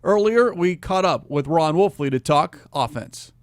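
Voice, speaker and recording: A man hosting a sports talk show, introducing segments briskly and giving his own opinions. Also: a little high, lively intonation, no echo.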